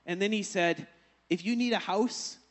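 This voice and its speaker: A man's voice: high-pitched, moderate pace, a little hiss or hum. A male pastor preaching a sermon, telling a personal story and then building to emphatic exhortation.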